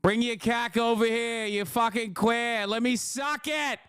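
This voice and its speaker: Man doing a crude boston bro bit, loud teasing, pitched way up, smooth voice. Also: fairly even intonation, a little slow, no echo, studio quality. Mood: leering. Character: brash crude Boston gay dude, young adult.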